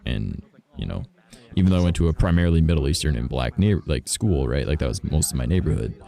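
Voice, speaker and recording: A man's voice: rumbling low, lively intonation, quick pace, creaky, mellow. A man from Canada, a streamer, rambling through a story in casual chat and swearing freely. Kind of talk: casual chat while gaming.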